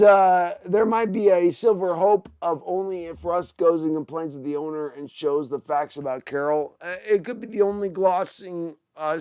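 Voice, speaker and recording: A man hosting a sports podcast, swearing and ranting, moving between heated shouting and low mumbling. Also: smooth, no room sound. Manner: profane, shifting from fiery shouting to low muttering. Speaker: podcast host.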